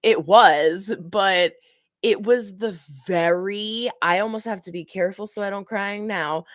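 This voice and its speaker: Casually streaming, a woman reacts and reads her live chat, rambling, chatty and animated, laughing often. Her mid-range voice moves a little slowly, with no room sound in the recording.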